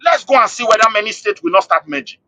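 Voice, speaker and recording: A man's voice: high voice, lively intonation, fast, vocal fry, pushed and bright, no echo, low-quality recording. Man fired-up caller. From Nigeria. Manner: emphatic, repeats and restarts phrases. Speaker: call-in guest. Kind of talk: impassioned political commentary.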